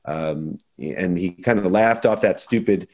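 A man's voice: sits low, measured pace, a little mellow. A man from the United States hosting a casual sports talk show, blunt and opinionated. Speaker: podcast host.

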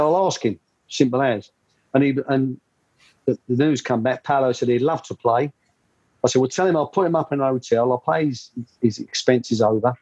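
A man's voice: medium pitch, darkish tone, slightly rough, no room sound, lo-fi sound. Older man telling rambling stories. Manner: rambling anecdotal, many fillers. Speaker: guest, former football coach. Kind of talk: storytelling interview.

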